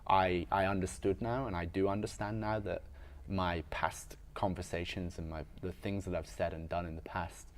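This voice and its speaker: This is a very deep-voiced man telling his story as a podcast guest. He speaks frankly and reflectively. His talk is casual and full of fillers, with the odd swear word. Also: steady tone, normal speed, a little hiss or hum. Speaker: podcast guest, weightlifter and strength coach. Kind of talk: candid conversational storytelling.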